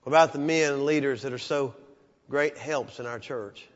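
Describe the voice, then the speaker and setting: A pastor preaching a sermon, swinging from loud raised peaks down to hushed, low passages. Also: male voice, moderate pace. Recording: dull sound with long church reverb.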